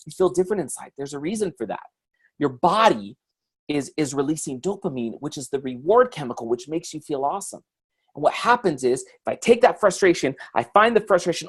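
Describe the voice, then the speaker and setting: Husky-voiced enthusiastic motivational speaker, a man. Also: high-pitched, brisk. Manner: enthusiastic, repetitive, earnest. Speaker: author and guest speaker. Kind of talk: motivational talk.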